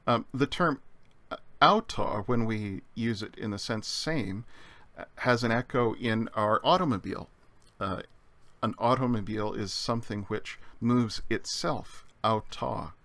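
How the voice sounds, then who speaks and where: A man teaching Greek vocabulary in a measured lecture, explaining slowly with frequent pauses and fillers. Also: lowish voice, fairly bright tone, no room sound. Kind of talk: recorded lecture.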